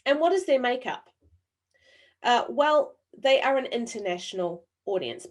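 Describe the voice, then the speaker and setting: A woman with a New Zealand accent, worn smooth by years living abroad, leads an online training session over a video call. She speaks deliberately, with frequent pauses and fillers, and keeps the audience involved by asking them questions in the chat. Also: on the high side, a little mellow. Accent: New Zealand, softened by years abroad. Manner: engaging, quizzes the audience through the chat. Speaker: webinar presenter.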